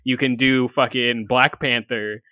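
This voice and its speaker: A man's voice: medium pitch, steady tone, measured pace, pushed and bright, no echo, clean studio sound. A man co-hosting a casual movie podcast, joking and swearing freely with friends. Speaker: podcast co-host. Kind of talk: casual chat.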